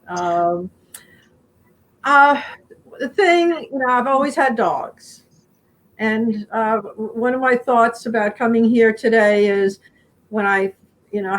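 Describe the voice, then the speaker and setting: A middle-aged woman answering interview questions in a rambling, warm way, often acting out her animals' voices. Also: mid-range voice, rough recording. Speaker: guest speaker.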